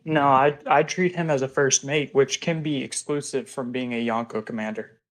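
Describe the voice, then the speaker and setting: Man, podcast co-host, casual, rambling, mid pitch. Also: moderate pace, rough recording. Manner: relaxed, rambling, arguing his case while eating. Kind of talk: casual chat.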